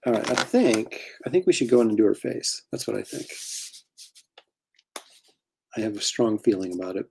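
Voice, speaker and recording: A man's voice: on the low side, expressive, fast, creaky, a little mellow, slight background noise. A middle-aged man, a comic artist, chatting casually while drawing, rambling and self-deprecating with frequent chuckles.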